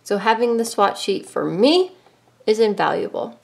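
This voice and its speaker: A woman's voice: medium pitch, big pitch swings, normal speed, creaky, a little mellow. A middle-aged woman hosting a casual, chatty art tutorial from her home studio. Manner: chatty, upbeat, shows things to camera. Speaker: art channel host. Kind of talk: casual craft tutorial vlog.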